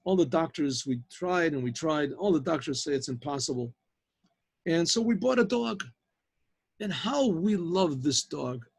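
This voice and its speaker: A man doing a grieving taxi driver with a raspy, gravelly voice that keeps cracking into sobs. He pleads and thanks in a choked, tearful way. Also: on the high side, lively intonation, unhurried, full character voice.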